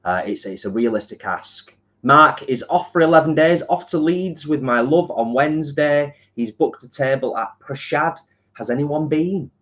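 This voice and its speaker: A man's voice: on the high side, animated, normal speed, a bit bright. A man, co-hosting a live stream in an upbeat way and reading out viewer comments. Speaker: co-host reading chat messages. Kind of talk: casual chat. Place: home kitchen. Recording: dull lo-fi sound.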